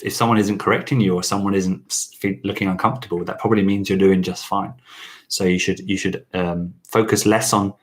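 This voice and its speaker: A man hosting a relaxed question-and-answer chat about learning French, rambling with many fillers and restarts. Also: deep voice. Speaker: channel host teaching French.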